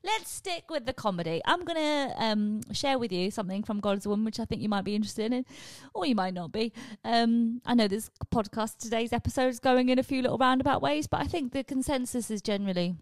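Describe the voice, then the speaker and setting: A woman hosting a comedy podcast, telling a rambling, animated story and swearing freely. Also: fairly high pitch, a little fast, few pauses, no room sound. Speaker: podcast host. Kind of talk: comedic monologue.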